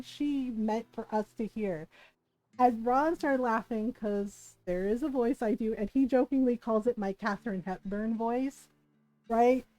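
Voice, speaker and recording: A woman with a high voice tells an animated story to her stream, laughing often and tossing in "right?" every few lines. The sound is close and dry. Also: no room sound. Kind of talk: casual storytelling chat.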